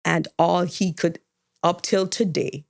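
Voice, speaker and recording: Woman podcast co-host, low gravelly voice, candid storytelling, quotes dialogue. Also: steady tone, slow pace. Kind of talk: personal storytelling chat.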